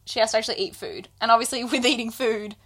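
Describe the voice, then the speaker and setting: A woman's voice: on the high side, fast. A woman chatting casually with a friend, retelling a book's scenes and acting out the characters' lines. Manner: animated, acts out characters' lines. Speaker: book podcast co-host. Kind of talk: casual chat retelling a book.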